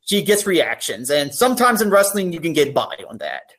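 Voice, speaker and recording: A woman's voice: low voice, very animated, normal speed, fairly bright tone, husky. A woman talking as a podcast guest, earnest and open, turning emotional on serious points. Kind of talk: casual podcast chat.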